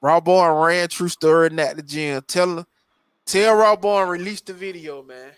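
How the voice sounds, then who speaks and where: A man's voice: on the high side, moderate pace, smooth, no room sound. A man hosting a podcast in casual, profane, laughing banter. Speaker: podcast host. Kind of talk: casual chat.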